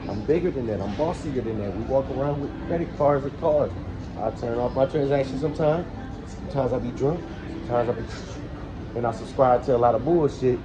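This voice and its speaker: A man vlogging a casual storytime rant, animated and swearing heavily, with loud angry outbursts. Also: medium pitch, fairly quick, lo-fi sound, background noise.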